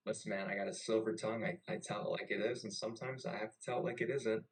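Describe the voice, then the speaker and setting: Young man, navy veteran, casual storytelling, swears a lot, low voice. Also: quick pace, low-quality recording. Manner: profane and animated. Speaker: podcast host and navy veteran.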